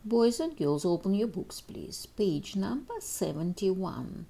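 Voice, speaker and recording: A woman's voice: mid-range voice, sing-song, slow pace, creaky, mellow. A woman teacher, reading out homework exercises and answers to children and addressing them directly. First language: Russian. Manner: reads exercises aloud and addresses pupils directly. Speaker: English teacher. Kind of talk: recorded homework walkthrough for children.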